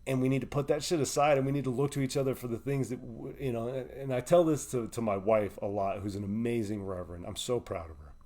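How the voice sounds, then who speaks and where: A man's voice: mid-range voice, fast talker, hardly any pauses, mellow. Emotional, swearing live-stream host, man. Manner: preachy and emotional, swears often, repeats "right?". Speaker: host of a live online show. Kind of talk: impassioned live-stream monologue.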